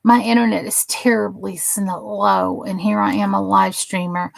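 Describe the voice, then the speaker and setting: Slow, gravelly-voiced woman live streamer. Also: medium pitch, no echo. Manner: gushing and admiring, chatty asides. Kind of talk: casual live-stream chat.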